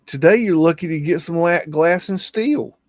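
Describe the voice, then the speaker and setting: A man's voice: a little high, normal speed, dry recording. A man hosting a live stream, musing in a folksy, casual way as he comments on old photos. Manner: folksy, drawling, musing aloud.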